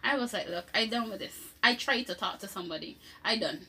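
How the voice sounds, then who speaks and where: A woman's voice: medium pitch, fast talker, slight background noise. A woman, casually telling a personal story and acting out what other people said, laughing often. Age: 20s. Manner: animated, acts out quoted voices, laughs often. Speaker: co-host telling her testimony.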